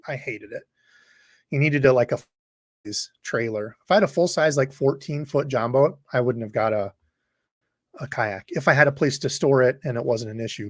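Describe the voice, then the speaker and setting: A man's voice: medium pitch, a bit bright, dry recording, studio quality. A man hosting a fishing livestream, rambling casually and reading viewer comments aloud. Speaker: fishing channel host.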